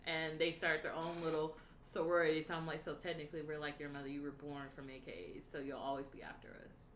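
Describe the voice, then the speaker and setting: A young woman telling a story in casual livestream chat, animated and profane, acting out the lines of the people in it. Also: deep voice, quick pace, echoey room, a little hiss or hum. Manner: animated, profane, acts out quotes.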